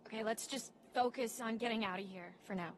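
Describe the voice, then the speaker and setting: A woman's voice: fairly high pitch, fairly quick, a little hiss or hum, lightly acted. Woman playing a fierce young camp counselor. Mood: steadying. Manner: blunt, swears often.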